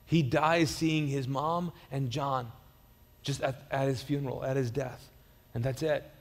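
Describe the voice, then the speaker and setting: A man's voice: medium pitch, steady tone, measured pace, long reverb tail. A man preaching a sermon as pastor, conversational and storytelling, with frequent restarts and repeated words. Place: church auditorium.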